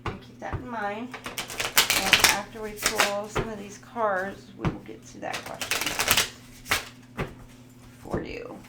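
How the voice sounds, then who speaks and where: A woman's voice: medium pitch, level tone, slow, pauses often. A woman giving a casual, playful tarot reading, sometimes goofy, reading card messages aloud to her viewers. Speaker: tarot reader. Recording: roomy echo, faint background noise.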